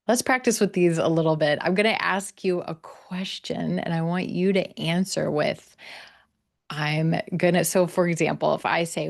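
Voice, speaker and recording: A woman teaching English pronunciation on a video call, encouraging learners and modeling words slowly. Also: lowish voice, vocal fry. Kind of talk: online English class coaching.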